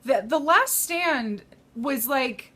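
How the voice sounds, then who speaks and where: A woman's voice: sits high, expressive, takes it slowly, fairly bright tone. A woman co-hosting a casual movie review chat, blunt and sarcastic, swearing as she rants. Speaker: podcast co-host.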